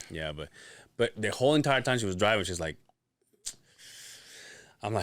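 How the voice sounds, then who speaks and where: A man's voice: on the low side, animated, moderate pace, long pauses, fairly bright tone, dry recording, clean studio sound. A man telling a funny family story on a podcast, laughing often and swearing casually. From Latin American family. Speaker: podcast guest.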